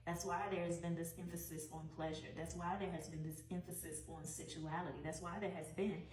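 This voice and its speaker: A woman with a fairly low voice reads tarot cards for her viewers, thinking aloud and repeating phrases as she goes. She stands a little away from the microphone, and the room gives her voice a roomy echo. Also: level tone, brisk, darkish tone, far from the mic. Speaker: tarot reader. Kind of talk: weekly tarot reading.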